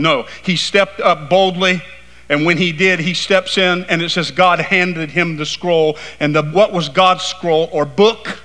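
A man preaching in a church sanctuary, his voice bright and fairly high. He swings between hushed, intimate passages and rising, emphatic declarations. Long reverb trails off each phrase in the hall. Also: fairly even intonation, unhurried. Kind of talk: sermon.

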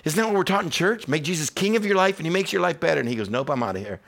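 A pastor preaching a sermon, animated, with loud emphatic peaks and quiet reflective stretches, acting out quoted voices in a casual, conversational way. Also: male voice, sits high, rapid-fire, creaky.

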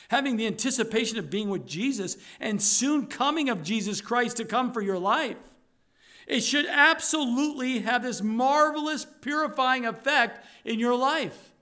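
High, bright-voiced man preaching fervently. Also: moderate pace. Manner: fervent preaching, repeats himself, drops to low soft tones. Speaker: pastor. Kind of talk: sermon.

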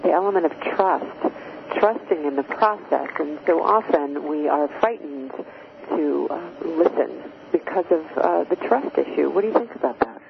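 A woman's voice: low-pitched, lively intonation, normal speed, creaky. A woman hosting an interview, asking questions and affirming her guest's points. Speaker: interview host. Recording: tinny phone line with noise.

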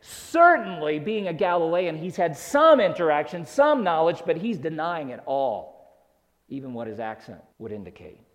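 A pastor from the Southern United States preaches an expository sermon, earnestly explaining and building to emphatic peaks. His voice is a little high and very animated, at normal speed, with long hall reverb on the recording.

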